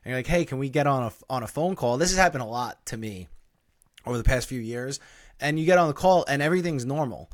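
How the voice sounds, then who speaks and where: A man's voice: mid-range voice, animated, fast, dry recording, clean studio sound. A man hosting a podcast in casual chat, laid-back and agreeable, often repeating his points. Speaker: podcast host.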